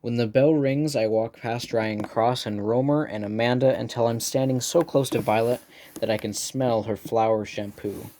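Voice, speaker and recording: A man reading a first-person novel aloud with steady storytelling delivery. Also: mid-range voice, normal speed. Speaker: audiobook narrator. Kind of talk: scripted first-person narration.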